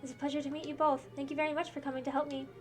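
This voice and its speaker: A woman plays a gentle young princess from a game, polite and earnest. She speaks softly and formally, in a high voice at a quick pace. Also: level tone, soft background music, lightly acted. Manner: soft-spoken, formal.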